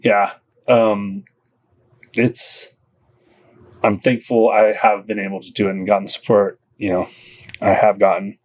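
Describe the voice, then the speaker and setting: A band musician appearing as a podcast guest talks casually in a lowish, flat voice, a little slow and pausing often. He rambles through the interview, restarting repeatedly, saying "you know" a lot, and laughing between phrases.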